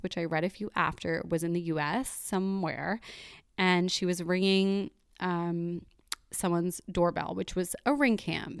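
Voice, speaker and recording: Candid young woman with a gravelly edge. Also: fairly low pitch, no room sound, studio quality. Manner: candid, rambling storytelling with many fillers. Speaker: podcast host. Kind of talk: solo podcast monologue.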